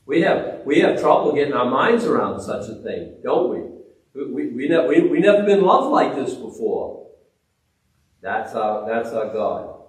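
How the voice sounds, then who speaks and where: A man preaching a sermon, animated, swinging between loud exclamations and hushed reverence, with frequent restarts. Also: mid-range voice, measured pace. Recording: very echoey, distant mic.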